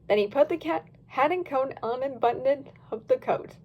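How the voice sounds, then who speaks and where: A woman narrating a fan-written story with a storybook lilt. Her voice is high and swings expressively from line to line. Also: normal speed. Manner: lively storybook reading. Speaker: reader.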